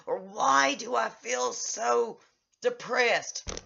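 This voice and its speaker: A middle-aged woman vlogging about a therapy session, agitated and venting, her voice rising in loud bursts. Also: mid-range voice, normal speed. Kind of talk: personal vlog recounting. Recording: slightly dull lo-fi audio.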